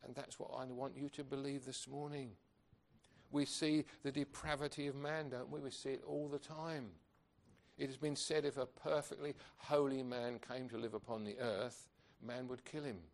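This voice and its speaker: A man's voice: medium pitch, fairly even intonation, moderate pace. A man preaching a sermon, earnest and emphatic, asking rhetorical questions of his congregation.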